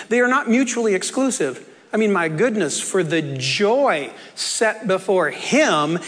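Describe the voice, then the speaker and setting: A man's voice: sits high, big-room sound. A man preaching a sermon in an earnest, conversational way, with asides and jokes, in a church.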